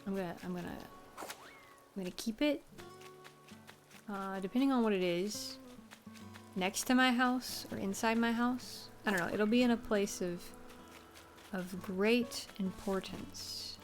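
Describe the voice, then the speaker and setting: A woman's voice: medium pitch, moderate pace, pauses often. A woman streamer chatting casually while she plays a game, wry and self-mocking with rambling asides. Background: faint game music.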